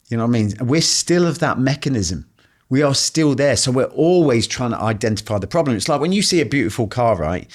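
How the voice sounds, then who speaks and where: Guest author, man, slightly low voice, animated profane storyteller. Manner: animated, profane anecdotes with acted-out quotes. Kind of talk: casual storytelling conversation.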